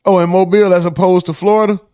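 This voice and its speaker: A man's voice: high-pitched, flat delivery, quick pace, a little mellow, smooth, no room sound, clean studio sound, faint music behind. A man hosting a casual livestream, reading chat messages aloud and bantering in loose, profane talk.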